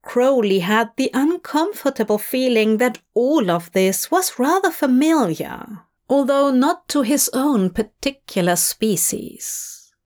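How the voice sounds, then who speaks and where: A woman narrating a fan audiobook in a measured storytelling voice. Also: sits high, expressive, darkish tone.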